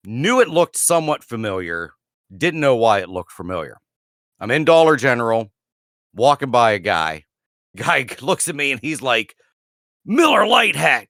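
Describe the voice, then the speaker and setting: A man's voice: medium pitch, fairly bright tone, no echo, clean studio sound. A man co-hosting a podcast, telling rambling stories in casual chat with restarts and laughs. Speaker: podcast co-host.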